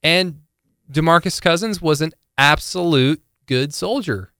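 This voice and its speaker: A man's voice: on the high side, unhurried, pushed and bright, dry recording. Man, podcast co-host, casual sports talk, rambling, dry close sound. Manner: rambling, many fillers and restarts.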